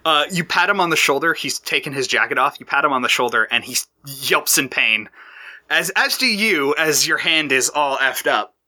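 A man's voice: a little high, animated, normal speed, bright, forceful tone. A man running a tabletop role-playing game as game master, narrating scenes with frequent restarts. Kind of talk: narrating a tabletop war campaign.

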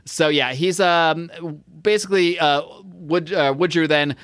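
A man's voice: on the high side, unhurried, a bit bright, clean tone, no echo, studio quality. A man co-hosting a podcast, recapping a comic book in a rambling, jokey way and often correcting himself mid-sentence. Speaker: podcast co-host. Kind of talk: casual comic book discussion.

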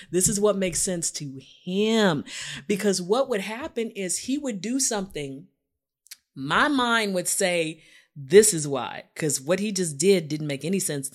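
A woman co-hosting a podcast, talking in a casual, informal way and acting out her own thoughts as she tells a personal story. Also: fairly low pitch. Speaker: podcast co-host. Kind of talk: casual conversation.

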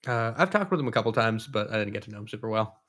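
A man co-hosting a casual chat, reacting with easy laughter and telling his own stories in a relaxed way. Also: on the low side, very fast. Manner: relaxed, amused, chuckling reactions. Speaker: podcast co-host.

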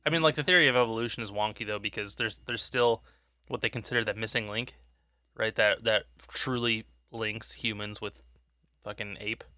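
A man's voice: lowish voice, fairly even intonation, normal speed, bright, forceful tone, no room sound. A man chatting casually on a podcast, explaining things and laughing along. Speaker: podcast co-host. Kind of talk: casual profane chat.

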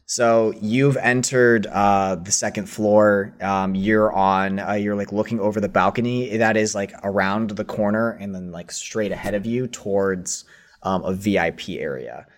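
Man, lowish voice, game master narrating a tabletop session, loose and filler-heavy. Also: fairly even intonation, a little slow. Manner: casual, hesitant narration with many fillers.

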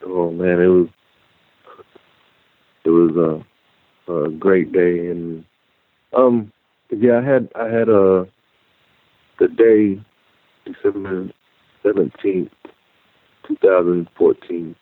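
A man telling his own story as a guest, halting and repeating words as he goes. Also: sits low, steady tone, dry recording. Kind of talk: personal storytelling. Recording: tinny phone-like line.

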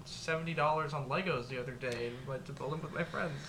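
A woman's voice: extremely low pitch, fast talker, fairly bright tone, slight background noise. A woman co-hosting a casual chat, asking playful, teasing questions. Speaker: podcast co-host.

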